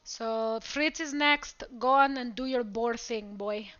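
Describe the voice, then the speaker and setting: A woman's voice: fairly high pitch, slow pace, fairly bright tone, lo-fi sound. A woman playing a tabletop game, giggly and bossy. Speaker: player. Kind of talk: casual tabletop play.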